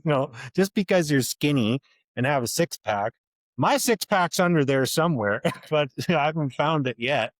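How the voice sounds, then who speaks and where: A man's voice: fairly high pitch, moderate pace, no room sound. A man in his thirties, a podcast co-host, telling a story in casual chat, swearing freely and acting out both sides of an argument. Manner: animated, profane, acts out both sides of an argument.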